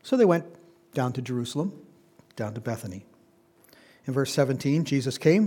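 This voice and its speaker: A man's voice: mid-range voice, expressive, moderate pace, pauses often, mellow, husky. A man preaching a conversational Bible-teaching sermon, putting questions to his listeners. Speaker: pastor.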